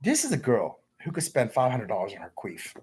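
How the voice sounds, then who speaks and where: Husky man rambling on a livestream. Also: mid-range voice, huge pitch swings, a little fast, a little mellow. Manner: crude, repetitive, rambling storytelling; reads viewer comments aloud.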